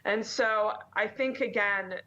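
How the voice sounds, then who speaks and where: A woman answering interview questions in an articulate, steady way. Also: medium pitch, slow pace, muffled recording. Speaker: interview guest.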